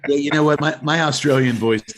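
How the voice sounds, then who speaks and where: A man's voice: a little high, a little fast. A man hosting a casual talk show, rambling and joking as he recaps a movie plot. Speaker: podcast host.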